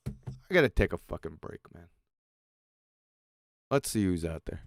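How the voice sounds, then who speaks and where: A man hosting a livestream, giving crude, mocking commentary on a clip he plays and shouting in outbursts. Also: deep voice, sing-song, a little slow, long pauses, no room sound, studio quality. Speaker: livestream host.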